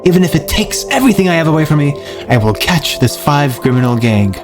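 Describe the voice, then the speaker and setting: A man narrates in mock noir detective style, his pitch sitting a bit high and swinging widely from line to line. His delivery is dramatic and over the top. Music plays clearly behind his voice-over. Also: big pitch swings, fast talker.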